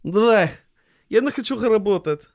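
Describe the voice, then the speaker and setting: A man's voice: high voice, expressive, normal speed. A man voicing a groggy, grumbling male doctor character in a tabletop game.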